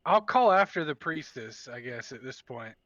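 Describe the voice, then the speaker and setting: A man playing a tabletop game over voice chat, speaking slowly and thoughtfully as he asks about the rules. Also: mid-range voice, very animated, a bit bright, dull audio. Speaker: player.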